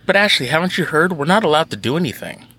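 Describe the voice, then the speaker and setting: A man co-hosting a podcast in casual chat, animated and laughing, swearing freely. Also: fairly high pitch, quick pace, breathy edge. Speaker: podcast co-host.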